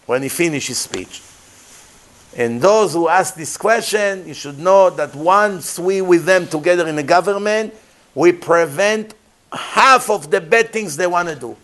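Male rabbi, Torah lecture; emphatic storyteller, slightly high voice, non-native English peppered with Hebrew. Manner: emphatic, animated, switches into Hebrew phrases.

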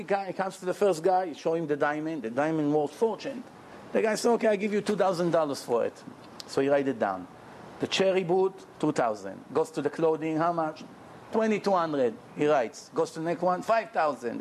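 A man telling a lively, joking story in a Torah lecture and acting out the characters as he goes. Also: on the high side, a little hiss or hum. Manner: animated, jokey storyteller who acts out characters. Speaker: rabbi giving a Torah lecture. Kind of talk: storytelling sermon.

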